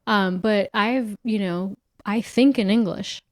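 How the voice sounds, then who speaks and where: A woman's voice: medium pitch, takes it slowly, dry recording. A woman from the United States hosting a podcast in an easygoing, casual conversation, laughing often and talking loosely with fillers. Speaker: podcast host; nurse.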